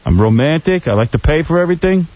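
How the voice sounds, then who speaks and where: A man's voice: on the high side, animated, quick pace. A man hosting a radio show, talking bluntly and teasing his guests in casual chat. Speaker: radio host. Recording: lo-fi radio broadcast.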